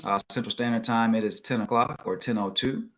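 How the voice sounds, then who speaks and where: An upbeat man from Chicago speaks in a lowish voice on a video call. He is earnest and motivational, with a few ums between thoughts. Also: fairly even intonation, a little fast, a bit bright. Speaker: guest speaker. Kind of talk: casual talk, motivational.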